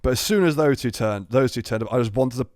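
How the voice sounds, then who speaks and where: A man's voice: medium pitch, fast talker, a little mellow, dry recording, studio quality. A man co-hosting a podcast, rambling and swearing, often restarting his sentences. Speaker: podcast co-host. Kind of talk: casual chat.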